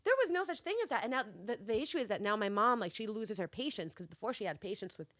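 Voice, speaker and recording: A woman from New York co-hosting a casual podcast chat, telling family stories in a quick, animated way. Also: medium pitch, no echo, studio quality. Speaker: co-host.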